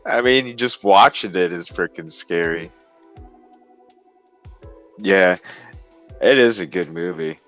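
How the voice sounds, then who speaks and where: A man's voice: low voice, takes it slowly, long pauses, a bit bright, highs cut off, soft background music. A man on a casual chat panel, laid-back and agreeable, swearing casually. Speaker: panel guest.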